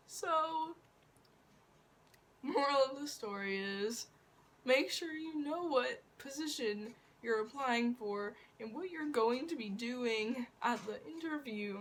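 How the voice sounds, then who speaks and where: A woman's voice: on the high side, expressive, slow. A young woman vlogger telling a rambling story, laughing often and poking fun at herself. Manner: giggly, rambling, self-mocking. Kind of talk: casual storytelling.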